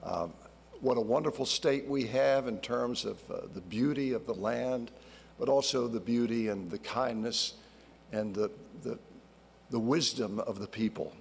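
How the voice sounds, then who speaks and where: A retired broadcaster in his sixties gives a warm, heartfelt acceptance speech from a podium. His voice has a gravelly edge. The sound carries a long reverb from the large hall. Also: mid-range voice, measured pace, a little hiss or hum. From North Carolina. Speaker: award recipient, retired TV broadcaster.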